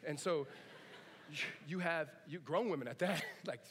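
High-voiced man preaching in a reverberant hall. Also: unhurried, background noise. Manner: conversational and joking, with asides and laughs. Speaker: pastor. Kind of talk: sermon. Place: church sanctuary.

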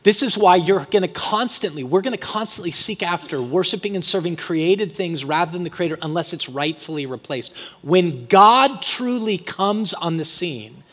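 A man preaching a sermon as pastor, talking conversationally and swinging from quiet asides to loud, emphatic peaks. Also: high voice, lively intonation, moderate pace, few pauses. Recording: long hall reverb.

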